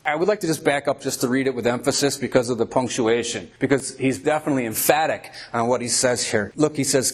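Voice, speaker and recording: A man preaching a sermon, reading scripture aloud and retelling it emphatically with drawn-out words. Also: mid-range voice.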